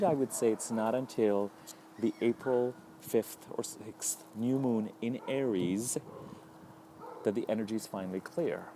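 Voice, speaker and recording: Male astrologer, lowish mellow voice, measured solo talk, faint hiss behind. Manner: thoughtful, unhurried, lists ideas in repeated phrases.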